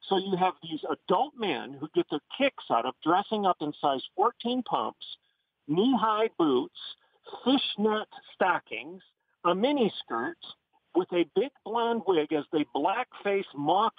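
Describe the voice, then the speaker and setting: A man's voice: fairly high pitch, breathy edge, no room sound. Impassioned man on a tinny phone line. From Oklahoma. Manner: impassioned, emphatic, indignant. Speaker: guest commentator. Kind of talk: phone-in radio interview.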